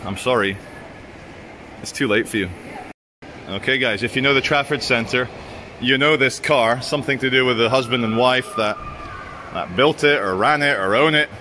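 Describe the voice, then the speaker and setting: A man's voice: mid-range voice, pushed and bright, slight background noise. A man with a sardonic, crude, ranting manner, vlogging as he walks through an indoor shopping centre, recorded on a handheld camera. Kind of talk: walking vlog with sardonic commentary.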